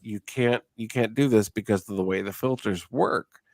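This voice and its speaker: A man's voice: fairly low pitch, moderate pace, a little mellow, no room sound. A middle-aged man hosting a casual chat, tipsy and slightly slurring, ranting with plenty of profanity. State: tipsy from drinking. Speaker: podcast host.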